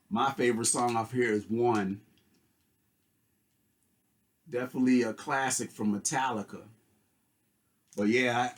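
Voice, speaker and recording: Relaxed man chatting about his record haul. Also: mid-range voice. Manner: relaxed, enthusiastic, rambling with fillers. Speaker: record collector vlogger. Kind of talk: casual haul video chat.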